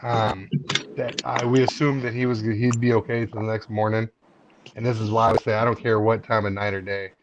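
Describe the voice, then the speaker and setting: A man's voice: lowish voice, level tone, brisk. A man hosting a live stream in casual chat, talking in a candid, earnest way. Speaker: livestream host. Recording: muffled lo-fi stream with background noise.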